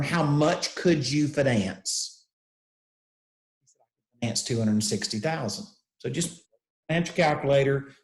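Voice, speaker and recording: A man's voice: fairly high pitch, reverberant, low-quality recording. An older man teaching real estate investing, telling a story and acting out the dialogue. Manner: animated storyteller, acts out dialogue.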